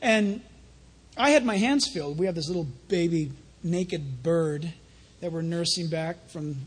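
A man preaching a sermon in a conversational, animated way, telling stories between scripture. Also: on the high side, unhurried, breathy edge. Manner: conversational preaching with anecdotes, rising to animated emphasis.

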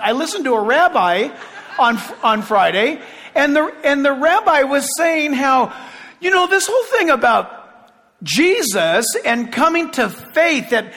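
A man preaching a sermon with passion, shouting at points and making sarcastic asides. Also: very high-pitched, in a large hall.

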